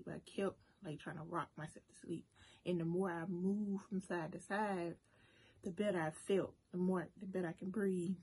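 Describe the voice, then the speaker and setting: A woman vlogger telling a story casually to her viewers, animated and talking straight to them. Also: lowish voice, moderate pace, a little hiss or hum. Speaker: cooking and mukbang vlogger. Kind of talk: casual storytime while eating.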